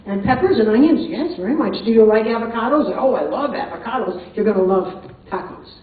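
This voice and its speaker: A woman storyteller voicing her cautious, gentle adult friend in a soft, plain-spoken way. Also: fairly high pitch, animated, brisk, lightly acted. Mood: friendly. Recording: tinny, echoey hall, far from mic.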